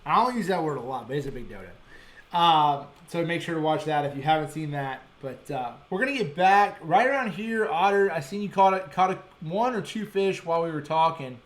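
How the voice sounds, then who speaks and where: Excitable fishing-show host, roomy sound. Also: male voice, a little high, brisk, few pauses. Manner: excited storytelling with sound effects and repeated restarts. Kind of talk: casual chat.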